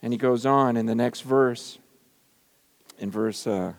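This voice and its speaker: A man's voice: mid-range voice, unhurried. Man in his forties preaching in a hall. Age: 40s. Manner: swings between loud bursts and quiet, intimate asides. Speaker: pastor. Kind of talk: sermon.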